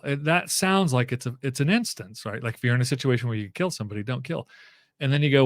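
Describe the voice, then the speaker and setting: Man, podcast guest, conversational, mid-pitched, lots of ums and restarts, dry booth-like sound. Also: lively intonation, fairly quick, dry recording. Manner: loose, thinking aloud with many fillers and restarts. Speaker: guest author and professor. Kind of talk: casual interview conversation.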